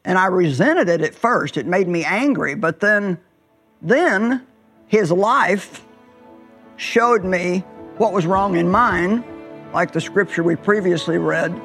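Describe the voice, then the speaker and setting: A woman's voice: fairly low pitch, fairly bright tone, slightly rough, faint music behind. A woman preaching a sermon, telling stories emphatically and stretching words for effect. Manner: emphatic storytelling with drawn-out words and sudden swells.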